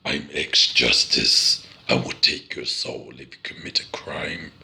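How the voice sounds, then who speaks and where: A man with an English accent voicing a menacing male judge spirit in a low, whispered threat. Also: a little slow, creaky, sharp tone, heavily acted.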